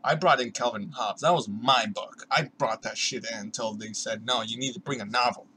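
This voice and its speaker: A young man with a bright, forceful voice rants casually to the camera, sarcastic and full of swearing. He slips into mimicking other people's voices mid-rant. Faint ambient noise sits under the recording. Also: medium pitch, normal speed, low-quality recording. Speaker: vlogger.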